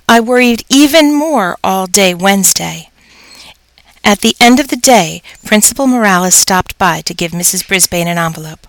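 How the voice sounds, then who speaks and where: A woman narrating a children's story aloud in first person, expressive and storytelling. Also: medium pitch, normal speed, dry recording, poor audio. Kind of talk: audiobook narration.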